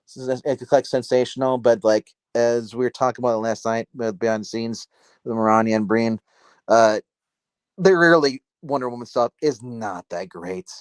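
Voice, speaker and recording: A man hosting a casual comic book livestream from his dark house, talking on a phone. His voice sits at an ordinary middle pitch and sounds dry, with no room around it. He rambles, doubles back and fills gaps with filler words. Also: steady tone, moderate pace, smooth, no room sound. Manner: rambling, self-interrupting, filler-heavy.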